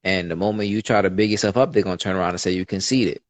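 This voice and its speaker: Earnest low-voiced male podcast guest. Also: very fast, no echo. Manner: earnest, open storytelling with many fillers. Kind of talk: casual podcast conversation.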